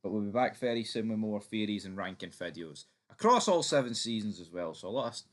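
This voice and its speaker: A man's voice: on the low side, lively intonation, fairly quick. Emphatic, chatty male show host. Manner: chatty and emphatic, loose talk with swearing. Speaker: host of a TV fan theory channel. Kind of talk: casual opinion commentary.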